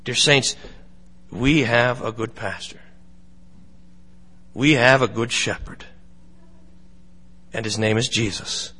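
A man pastor giving a sermon, speaking slowly and deliberately with pauses, in a church. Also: medium pitch, steady tone, bright, forceful tone, slightly rough, in a large hall. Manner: slow, deliberate, with pauses and dramatic storytelling.

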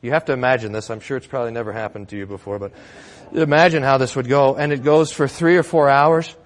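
A man's voice: mid-range voice, quick pace. A male pastor preaching a sermon in a church, conversational with wry humor.

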